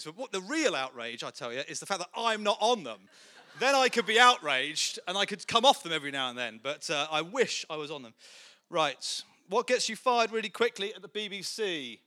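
A man's voice: high voice, sing-song, fairly quick, sharp tone. A man giving a humorous, self-deprecating talk to a church audience, full of jokey asides. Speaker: guest speaker.

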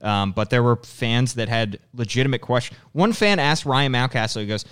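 A man's voice: mid-range voice, moderate pace, fairly bright tone, smooth. A man in his twenties co-hosting a sports podcast, talking in a loose, rambling way and laughing at himself. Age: 20s. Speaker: podcast co-host. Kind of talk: casual sports podcast chat.

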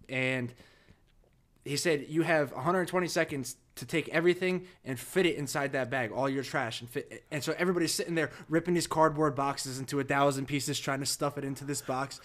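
A man's voice: medium pitch, a little fast, a bit bright. A man in casual chat, rambling and restarting his sentences as he recalls boot camp.

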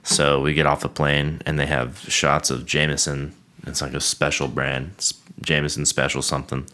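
A veteran podcast host with an extremely deep voice chats casually over drinks. He talks in a flat, even monotone and curses freely. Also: normal speed. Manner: self-described monotone, swears freely. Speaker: military veteran.

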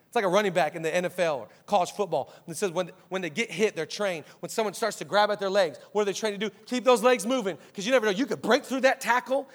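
A male pastor preaching an energetic sermon, telling stories and rousing the congregation with call-outs. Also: high-pitched, quick pace, hardly any pauses. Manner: animated storytelling, rousing the church with call-outs. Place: church auditorium.

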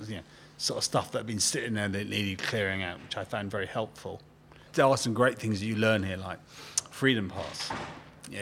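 A man's voice: lowish voice, a little hiss or hum. A man who lives with cancer, sharing tips cheerfully and chuckling on a panel. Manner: cheerful and relaxed, chuckles often. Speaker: cancer patient guest. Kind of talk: panel discussion.

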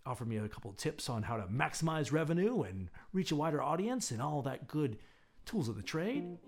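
A man hosting a show, telling a personal street-music story in a relaxed, reflective way. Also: medium pitch. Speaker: podcast host and street musician. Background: plucked guitar music.

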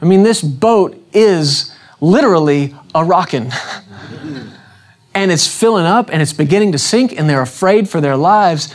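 A man's voice: high voice, expressive, measured pace. A man preaching a sermon, emphatic and repeating his questions, calling on the congregation to respond.

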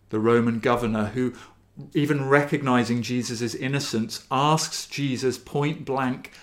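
Male preacher, slow deliberate delivery, mid-range voice, earnest sermon reading scripture. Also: medium pitch. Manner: slow, measured and earnest, lingering on key phrases.

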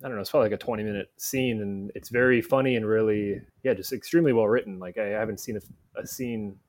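A man's voice: fairly low pitch, fairly even intonation, fast talker, a little mellow. A man speaking as a guest film critic in a casual podcast conversation, rambling with lots of "like" fillers.

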